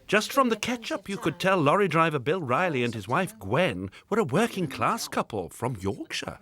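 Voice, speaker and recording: A man's voice: a little high, sing-song, moderate pace, fairly bright tone. A man narrating a TV documentary from a script in a wry, playful way.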